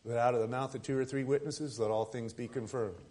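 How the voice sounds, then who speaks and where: A man preaching a sermon as pastor at a church service, swinging from loud emphatic lines to soft, hushed ones. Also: medium pitch, fairly even intonation, a little fast.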